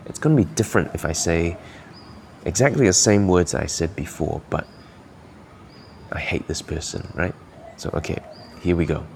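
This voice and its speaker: A man's voice: deep voice, expressive, normal speed, creaky, long pauses, a little mellow, slight background noise. A man from Malaysia hosting a podcast, giving earnest, encouraging coaching talk while thinking aloud. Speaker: podcast host.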